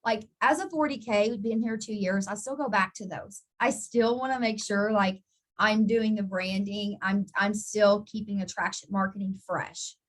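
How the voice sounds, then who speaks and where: A woman's voice: medium pitch, steady tone, normal speed. A chatty woman coaching her marketing team in a casual live session. She talks in an easygoing, encouraging way, often restarting sentences and repeating words. She answers viewers by name as she goes. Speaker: network marketing team trainer. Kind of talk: casual live training talk.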